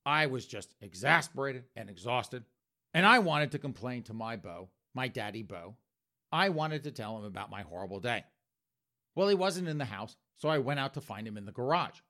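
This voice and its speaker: A sleazy, defensive man, as a comedian puts him on, rattles off flustered, indignant excuses. His voice jumps about in pitch with a lively lilt. It carries a bright, pushy edge. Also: moderate pace.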